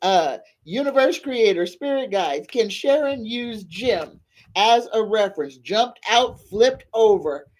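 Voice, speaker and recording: A woman's voice: medium pitch, animated, a little mellow. A woman hosting a live tarot reading, who leads prayers and reads viewers' questions aloud in a prayerful way. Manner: slow, prayerful invocations and spoken-aloud questions. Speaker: psychic tarot reader hosting a live stream.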